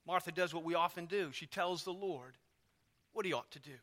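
Male pastor, chatty sermon delivery, high voice with a bright edge, church setting. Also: normal speed. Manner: conversational, storytelling, lots of asides.

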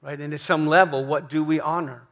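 A man's voice: a little high, fairly even intonation, a little fast, fairly bright tone. A man preaching a sermon in a church, emphatic, often repeating questions and asking "right?". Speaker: pastor.

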